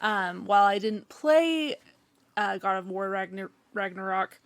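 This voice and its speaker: A woman's voice: mid-range voice, expressive, measured pace, no echo. A woman co-hosting a casual podcast chat, rambling with lots of fillers and restarts. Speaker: podcast co-host.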